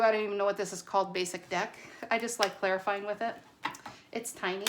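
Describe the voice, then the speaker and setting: A woman doing a casual tarot reading to camera, chatty and excitable, a little nervous and stumbling over her words. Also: mid-range voice, a little fast, very noisy. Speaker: tarot reader.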